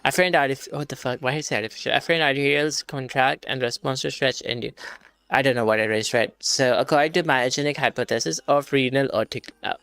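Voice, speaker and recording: A man's voice: mid-range voice, fast, creaky, a bit bright, clear, resonant tone, no room sound. A male streamer reading practice questions aloud and working through them casually, swearing when frustrated.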